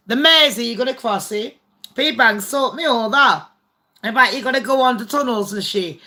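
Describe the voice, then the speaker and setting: Woman chatting on her live stream, bright sharp voice, swears a lot. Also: a little high, moderate pace. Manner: chatty, swears freely, laughs often. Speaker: livestream host. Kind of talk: casual live-stream chat.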